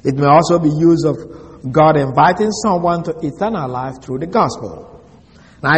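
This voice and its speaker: Male preacher, mid-high voice, methodical expository teaching, big hall reverb. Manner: deliberate, repeats key words, spells them out. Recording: long reverb of a large hall.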